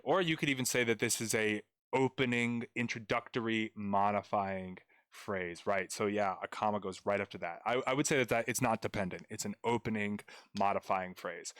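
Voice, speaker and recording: A man's voice: medium pitch, a bit bright, no echo, studio quality. A young man tutoring grammar on a live stream, chatting playfully with viewers as he goes over a paragraph. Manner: chatty, playful, addresses chat viewers directly.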